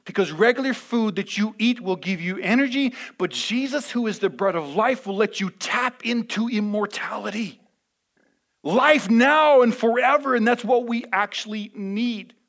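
A pastor with a fairly high voice delivers a sermon in a conversational way, with frequent fillers and restarts. He swings between quiet, intimate asides and loud, emphatic declarations. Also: moderate pace.

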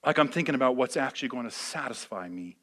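A man preaching a sermon as a pastor, conversational with many fillers, swinging from hushed asides to loud, emphatic peaks. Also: medium pitch, expressive, fast talker.

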